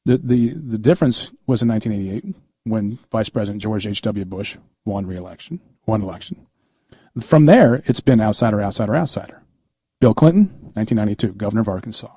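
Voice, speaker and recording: Man, 50s, radio host, chatty storyteller, husky, dry studio sound. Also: on the low side, lively intonation, a little fast, warm tone, no room sound. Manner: conversational storyteller, acts out quoted dialogue. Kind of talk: casual political talk radio.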